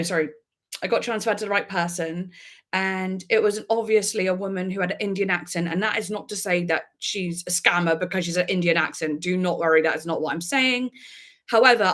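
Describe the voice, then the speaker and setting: A woman chats loosely with her live stream audience. She tells her stories in an animated, giggly way and breaks into laughter often. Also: medium pitch. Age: adult with a daughter. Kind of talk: casual live chat.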